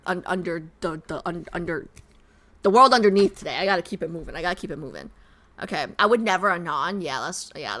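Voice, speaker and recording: Bright, lively young woman streamer. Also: lowish voice. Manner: excitable, bursts into squeals and laughter, stammers and restarts. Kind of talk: casual live-stream chat, reading viewer messages.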